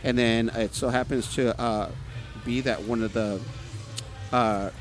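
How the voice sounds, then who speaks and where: A man's voice: mid-range voice, fairly even intonation, measured pace. A man from Texas talks as a podcast guest in a bar. He rambles loosely, full of fillers, restarts and casual swearing. Faint music plays behind him. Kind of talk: casual chat.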